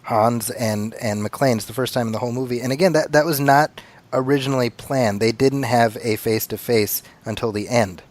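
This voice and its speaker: A man hosting a film podcast, telling behind-the-scenes stories in a chatty way with quick asides. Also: mid-range voice. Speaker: podcast host. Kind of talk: casual podcast commentary.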